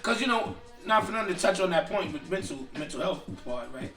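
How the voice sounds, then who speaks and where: Bright, high-voiced man in casual chat. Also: a little fast, reverberant, far from the mic, soft background music. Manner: animated, profane, repeats and restarts phrases. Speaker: podcast co-host.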